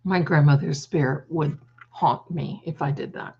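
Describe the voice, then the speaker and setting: A woman's voice: low voice, fairly even intonation, moderate pace, vocal fry, breathy edge. A woman hosting a casual livestream, chatting and greeting viewers by name. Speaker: psychic livestream host. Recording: dull lo-fi stream audio.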